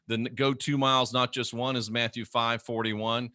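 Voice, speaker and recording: Man, middle-aged, former preacher, sarcastic rant, cutting bright voice, dead-dry sound. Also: medium pitch, flat delivery, moderate pace, dry recording. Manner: sarcastic, scornful, mocking. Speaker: former minister turned critic. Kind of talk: ranting monologue to camera.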